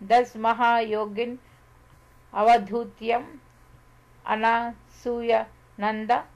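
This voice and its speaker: A woman reading scripture aloud, measured and deliberate, pausing over long lists of sacred syllables. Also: medium pitch, dull audio. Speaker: scripture reader. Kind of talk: slow scripted recitation of scripture.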